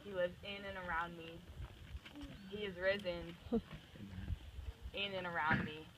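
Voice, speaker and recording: A young woman in her twenties giving an earnest personal faith reflection, often pausing with ums. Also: lowish voice, fairly even intonation, distant mic. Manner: earnest, hesitant with frequent ums. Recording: noisy background recording.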